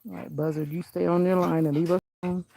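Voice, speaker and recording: A woman's voice: on the low side, level tone, fairly quick, creaky, heavy background noise. A woman vlogging casually while walking her dog outdoors on a country road, chatting and giving the dog firm commands. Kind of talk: casual walking vlog commentary.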